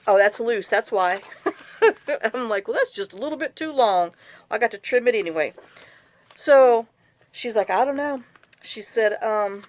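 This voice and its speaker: A talkative woman with a drawl tells stories as she works on a craft project. Her voice sits at a middling pitch, recorded dry with no room echo. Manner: chatty, rambling storyteller, venting complaints. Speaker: journal-making craft vlogger. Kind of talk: casual chat while crafting.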